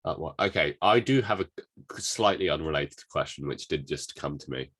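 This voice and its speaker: A man's voice: a bass voice, lively intonation, moderate pace, fairly bright tone, slightly rough. A man co-hosting a podcast in casual movie chat, playfully tossing out questions. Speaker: podcast co-host. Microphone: home microphone, remote call.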